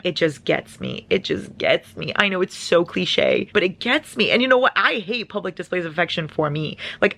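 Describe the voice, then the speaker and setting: Gushing young woman, slightly low voice. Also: vocal fry. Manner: gushing, animated, swears freely. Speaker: book vlogger. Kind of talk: casual chat. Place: at home, lying down. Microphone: phone held in one hand.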